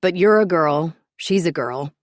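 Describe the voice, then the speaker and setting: A woman's voice: fairly low pitch, expressive, measured pace, dry recording, clean studio sound. A woman voicing Roger, a cocky, joking young man. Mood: teasing. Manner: breezy, joking, bossy. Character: cocky, teasing young man who loves attention.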